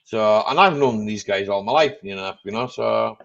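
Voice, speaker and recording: A man's voice: lowish voice, moderate pace, gravelly, a bit bright, dull audio. A man hosting a live chat stream, talking in a casual, rambling way full of "you know".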